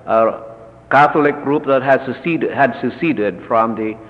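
A man, a Lutheran church leader, slowly recounting a personal story in a measured talk full of pauses. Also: mid-range voice. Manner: slow, measured, with many pauses and fillers. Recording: dull, lo-fi recording with long reverb.

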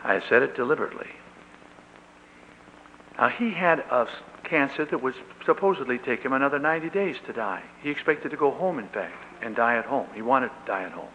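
An older man, a pastor, telling an earnest and animated story in a sermon, with emotional peaks. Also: mid-range voice, fairly quick, a little hiss or hum. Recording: echoey hall on dull lo-fi tape.

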